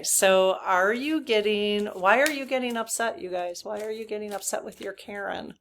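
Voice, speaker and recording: Chatty woman in her fifties, low-pitched. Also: a bit bright, a little hiss or hum. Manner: chatty, laughing, rambling with asides. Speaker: spiritual reader and channeler. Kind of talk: casual chat to viewers.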